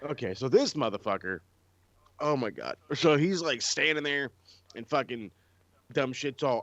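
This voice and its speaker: A man's voice: medium pitch, animated, normal speed, a bit bright, no room sound. A man co-hosting a podcast, ranting in casual, profane chat. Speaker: podcast co-host. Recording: dull lo-fi dry sound.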